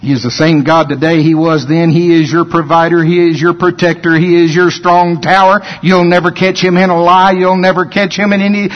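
A man preaching a sermon as a pastor, building up to shouted emphasis. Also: fairly high pitch, level tone, a little fast, few pauses, in a large hall, muffled recording.

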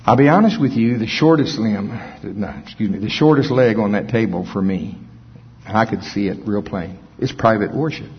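A man preaching a sermon in a church service, animated, swinging from loud bursts to soft asides. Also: lowish voice, moderate pace, husky. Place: church hall. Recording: muffled sound in a long-echo hall.

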